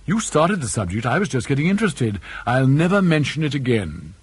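Man as a skeptical young student, measured and questioning, husky. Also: mid-range voice, big pitch swings, no echo. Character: earnest, skeptical young male student, reasonable.

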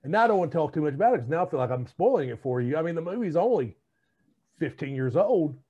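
A man's voice: on the high side, very animated, fast talker, dark tone, breathy edge, muffled recording. A man co-hosting a casual podcast, telling rambling stories in a chatty way. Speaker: podcast co-host. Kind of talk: casual chat.

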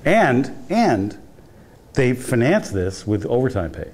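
A man's voice: mid-range voice, very animated, takes it slowly, a little mellow. A male professor giving a guest lecture in a university hall, telling stories in a conversational way, often restarting his sentences. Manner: conversational storytelling with frequent restarts.

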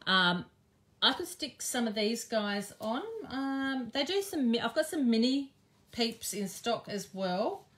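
A woman's voice: a little high, animated, slow, a bit bright. An Australian woman chatting and thinking aloud with frequent ums as she teaches a live craft demonstration. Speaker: craft teacher and shop owner.

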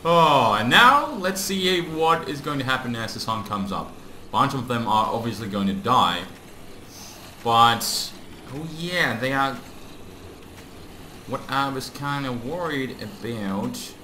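Casting: excitable male gamer, slow unhurried delivery, bright tone, lively pitch, echoey room. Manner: excitable, exclaims often, talks to game mobs. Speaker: gaming YouTuber. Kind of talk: casual Let's Play commentary. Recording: echoey room, faint background noise.

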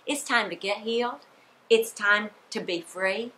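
Bright, emphatic woman preaching. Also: mid-range voice, unhurried, a little hiss or hum. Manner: emphatic, repetitive preaching with forced laughter bursts. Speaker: speaker at a women's ministry gathering. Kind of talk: sermon.

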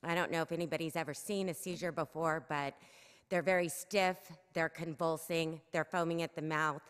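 A woman's voice: deep voice, fairly even intonation, moderate pace, clear, resonant tone. A middle-aged woman, giving an emotional, urgent public comment at a council meeting through a podium microphone. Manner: earnest, urgent, emotional pleading. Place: city council chamber. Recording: echoey council chamber.

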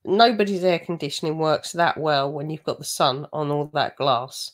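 A woman's voice: sits low, moderate pace. A woman giving mocking, gossipy commentary over a video she is reacting to. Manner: sarcastic, gossipy asides.

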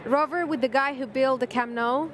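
A woman co-hosting a live football stream, teasing her colleague and reacting quickly to the play. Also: sits high, crowd noise. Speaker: co-host pundit. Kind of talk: casual football chat.

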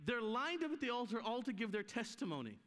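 High bright-voiced guy preaching, lively storytelling sermon, big hall echo. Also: fast. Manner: animated, acts out voices in his stories. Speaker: guest preacher. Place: church hall. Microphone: live stream sound. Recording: long hall reverb.

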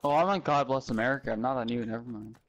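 A man's voice: medium pitch, fast, highs cut off, a little hiss or hum. A man from Canada chatting in a game voice call, rambling and making fun of himself. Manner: rambling, self-mocking. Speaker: gamer in a voice chat. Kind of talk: casual gaming banter.

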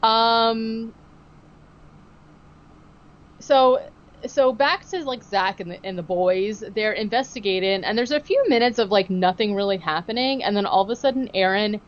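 A woman's voice: medium pitch, unhurried, highs cut off. A woman podcast co-host in casual chat, animatedly recapping a TV episode and acting out the quotes, with lots of "like" and "um". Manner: animated storytelling, acting out quotes, many fillers like "like" and "um".

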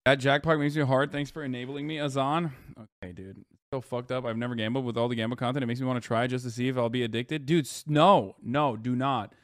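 A man's voice: mid-range voice, steady tone, quick pace, fairly bright tone, dry recording, studio quality. A man in his thirties commenting on a video during a live stream, reading chat aloud and ranting with heavy swearing. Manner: reads viewer chat aloud.

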